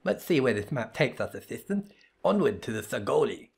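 A man's voice: mid-range voice, sing-song, brisk, vocal fry, husky, full character voice. A man voicing a bubbly, trigger-happy young female assistant in a perky, eager, raised voice for a fantasy game read-through. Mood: cheery.

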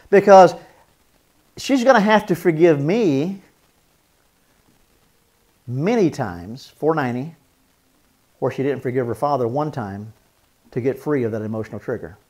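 A man's voice: fairly high pitch, lively intonation, unhurried, long pauses, a little mellow. A man teaching a marriage seminar as a pastor, earnest, repeating phrases for emphasis and acting out spoken apologies.

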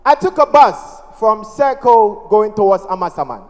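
A Ghanaian man performs stand-up comedy with a very high, bright voice. He tells his story with animated, playful energy and pidgin touches. The sound rings with the long reverb of a large hall. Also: normal speed.

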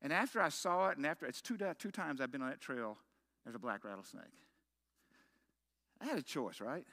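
A man's voice: mid-range voice, animated, fairly quick, pushed and bright. A middle-aged man preaching a sermon as pastor, telling a story with self-mocking humor and punchy rhetorical questions.

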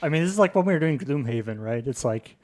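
Rambling man, middle pitch. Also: expressive, fast talker, crowd noise. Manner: rambling, many "like" fillers. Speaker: player. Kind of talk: casual chat while gaming.

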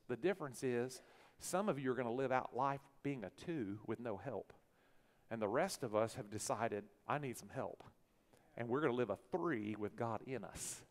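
A pastor preaching a sermon, swinging from hushed lines to loud bursts. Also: male voice, medium pitch. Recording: long church hall reverb.

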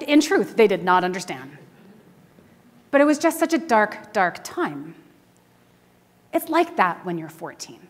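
A woman in her forties, a minister giving a conversational sermon full of stories, who often laughs. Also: mid-range voice. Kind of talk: storytelling sermon. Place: church sanctuary.

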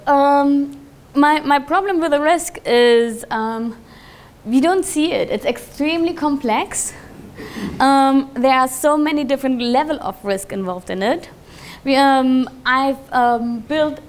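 A woman giving a conference talk to an audience, telling stories in a lively way and laughing often. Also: high voice. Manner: lively, with frequent restarts and fillers. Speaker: conference speaker. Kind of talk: live talk with audience questions.

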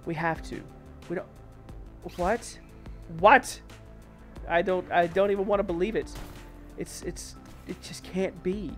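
Man, high voice, excitable let's-play commentary, soft music behind. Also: moderate pace. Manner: excitable, exclaiming, mild self-censored oaths. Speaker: gaming channel host.

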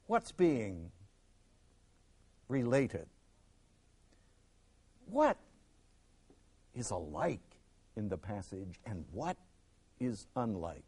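Dramatic male Bible teacher, lively pitch. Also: extremely slow, pauses often, slightly rough. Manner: dramatic, swings from loud emphasis to near hush; acts out quoted speakers in the stories. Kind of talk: Bible lesson.

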